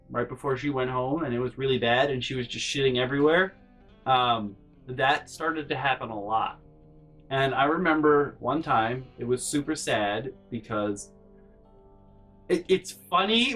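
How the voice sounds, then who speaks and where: A man's voice: fairly high pitch, far from the mic, low-quality recording. A man telling a comedic story from his life, rambling and swearing freely. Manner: profane, rambling, animated. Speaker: channel host, storyteller.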